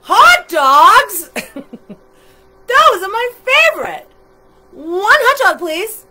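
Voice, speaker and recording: A woman voicing a hungry, angry male monster from a picture book, loud and drawn out. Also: extremely high pitch, big pitch swings, voice pushed up, exaggerated voice. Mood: eager. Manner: loud, drawn-out, bellowing demands.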